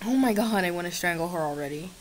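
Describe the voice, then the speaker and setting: A woman's voice: on the low side, animated, fast, a little hiss or hum. A young woman vlogger chatting sarcastically with a chatbot, swinging between shrieks and mutters, on a computer's built-in mic. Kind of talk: casual chat with a chatbot.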